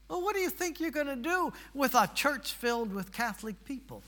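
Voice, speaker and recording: A man's voice: very high-pitched, big pitch swings, normal speed, pushed and bright. A male preacher telling a missionary story in a sermon, with folksy asides and rising to emphatic preaching.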